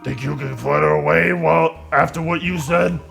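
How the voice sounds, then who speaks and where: A man voicing a gruff, dim-witted street thug in a video game, speaking in tough-guy slang. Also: a little high, fairly even intonation, normal speed, a bit bright, faint music behind.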